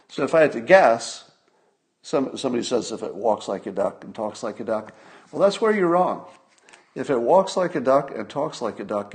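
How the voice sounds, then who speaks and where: Older man giving solo spoken commentary. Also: on the low side. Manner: conversational, repeats points for emphasis, rhetorical questions. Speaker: host of a commentary stream. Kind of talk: solo political commentary to viewers.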